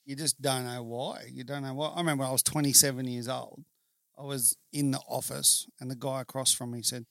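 A man's voice: medium pitch, normal speed, vocal fry, fairly bright tone, dry recording, clean studio sound. A man in a casual chat telling a story with humour, acting out what people said. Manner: jokey storyteller, acts out quotes.

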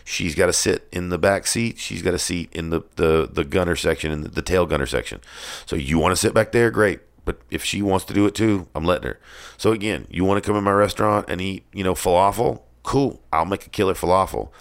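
A man with an extremely low, rumbling voice talks casually. He rambles with many ums and restarts and swears freely as he chats. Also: a little fast, gravelly, few pauses. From Tennessee. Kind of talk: casual chat.

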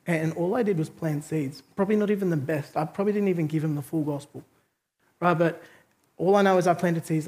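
A man preaching a sermon, telling a personal story in an animated, chatty way with bursts of laughter. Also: on the high side. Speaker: pastor.

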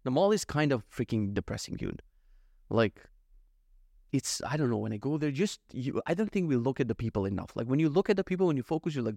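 A man's voice: medium pitch, fast, dry recording. Exasperated ranting young man, dry sound. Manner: swears often, animated, exasperated ranting. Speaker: vlogger. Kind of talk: casual ranting monologue.

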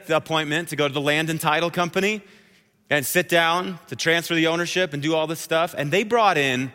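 A man in his thirties preaching a sermon to a live congregation, telling a personal story in a conversational, animated way. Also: on the high side, smooth. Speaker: pastor. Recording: hall reverb.

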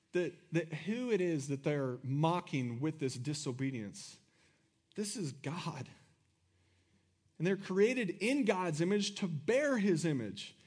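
A man's voice: high-pitched, darkish tone. A male pastor giving a sermon in a conversational way, filling his talk with "like" and laughing between points.

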